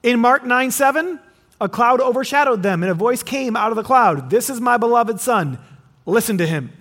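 A man preaching a sermon as pastor, animated, acting out quoted voices and restarting his phrases often. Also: extremely high pitch, moderate pace.

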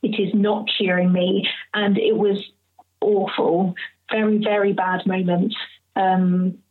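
A woman's voice: medium pitch, level tone, slow. A woman in her thirties, an interview guest, telling a personal story candidly and with feeling, acting out what others said. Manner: candid, emotional, acts out others' speech. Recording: phone-like narrow audio.

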